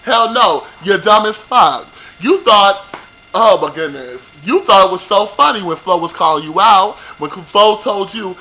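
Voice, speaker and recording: A man recapping a reality TV episode for his viewers in a profane, animated rant, talking straight to them. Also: high-pitched, moderate pace, slight background noise, rough recording. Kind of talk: ranting show recap.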